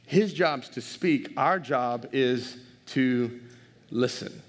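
A male pastor preaching a sermon to a congregation, animated and direct, calling out to the crowd. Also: mid-range voice, drawn-out words, big-room sound.

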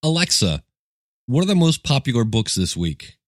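A man's voice: mid-range voice, big pitch swings, normal speed, dry recording, clean studio sound. A male podcast host giving a casual demo, talking plainly and giving commands to a device.

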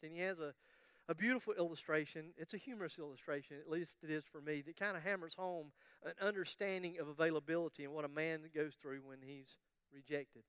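A man with a high, smooth voice delivers a sermon in a dry, close sound. He tells a story with humor and acts out the voices of the people in it. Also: fairly bright tone, no echo. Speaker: pastor.

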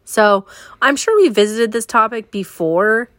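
A woman's voice: on the high side, lively intonation, measured pace, a bit bright, dry recording. A woman hosting a casual podcast, chatty and upbeat, leading with questions. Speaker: podcast host. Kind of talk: casual chat.

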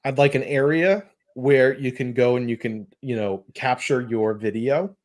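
A man hosting a podcast in casual chat, animated and rambling, often laughing. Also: mid-range voice, measured pace. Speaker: podcast host.

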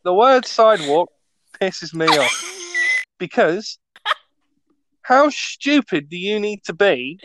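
A man's voice: high voice, expressive, takes it slowly, pauses often, noisy background. A British man co-hosting a casual podcast chat, ranting sarcastically and peppering his talk with "mate" and "right?". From Britain. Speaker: podcast co-host. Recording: slightly dull lo-fi audio.

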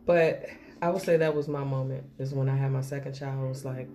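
Low-voiced, frank woman in chat. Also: steady tone, brisk, warm tone. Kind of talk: casual chat.

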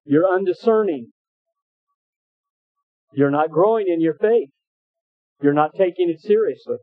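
Folksy storytelling pastor, tinny sound. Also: male voice, high-pitched, a little slow, no echo. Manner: folksy, anecdotal, with hesitant restarts. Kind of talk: sermon with storytelling. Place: church. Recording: tinny phone-like dry sound.

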